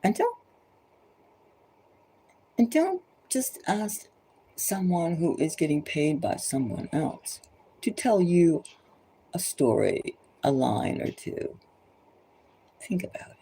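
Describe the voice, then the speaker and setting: Speaking slowly with frequent pauses, a woman tarot reader uses her lowish, warm voice with big pitch swings and vocal fry. She preaches with passion, pressing the same urgent appeals and sometimes whispering. There's a little hiss or hum on the low-quality recording.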